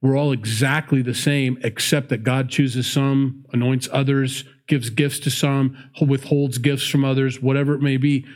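A man's voice: mid-range voice, flat delivery, normal speed, few pauses, darkish tone. A man teaching through a Bible passage in a conversational sermon, laughing often and acting out the people in the story. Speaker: pastor.

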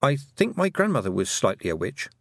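A man's voice: mid-range voice, huge pitch swings, a little fast, vocal fry, a bit bright, no room sound, studio quality, pitched above the performer's own voice, heavily acted. A man voicing an earnest, stubborn young farm girl who argues her point insistently. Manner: insistent, argumentative.

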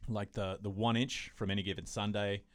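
A man hosting a podcast in casual chat, excitable and rambling, restarting his sentences often. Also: on the low side, a little fast, no echo. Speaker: podcast host.

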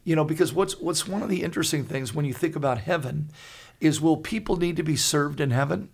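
Older man in his 60s, gravelly voice, slightly high pitch, earnest storytelling, many restarts. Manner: earnest, halting with restarts, animated when telling a story. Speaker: co-host of a Christian talk show. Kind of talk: conversational storytelling.

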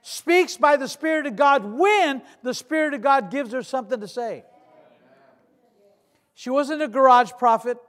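A man in his sixties, a pastor preaching a sermon with humor and asides, swinging from loud declarations to hushed storytelling. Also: very high voice, a little slow. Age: 60s.

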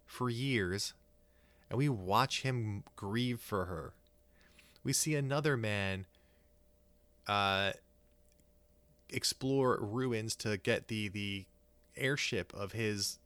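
A man's voice: fairly low pitch, fairly bright tone, no room sound. A man co-hosting a podcast, talking casually and enthusiastically, rambling with many fillers and restarts. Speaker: podcast co-host.

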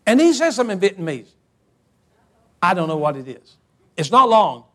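A man preaching a sermon, telling a humorous story in a folksy, animated way and repeating words as he builds it. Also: high-pitched, moderate pace.

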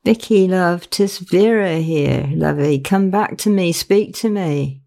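A woman voicing a kindly older housekeeper, speaking gently and slowly. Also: on the low side, vocal fry. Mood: gentle.

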